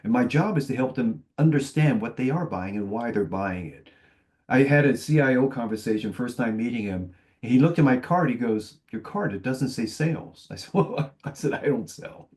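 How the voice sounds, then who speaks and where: A man on a conference panel, telling animated sales anecdotes full of quoted dialogue. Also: mid-range voice, normal speed. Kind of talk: panel discussion storytelling.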